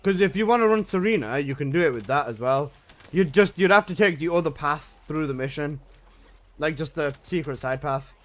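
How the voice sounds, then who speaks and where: A man streaming a game live, chatting casually with loose, excitable gamer slang. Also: fairly high pitch, brisk.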